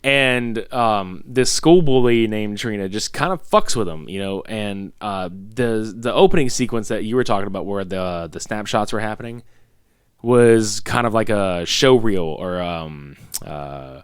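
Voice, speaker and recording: A man in his thirties co-hosting a podcast, recapping a film in loose, profane casual chat and laughing loudly. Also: fairly low pitch, lively intonation, measured pace, clear, resonant tone, no room sound, studio quality. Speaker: podcast co-host.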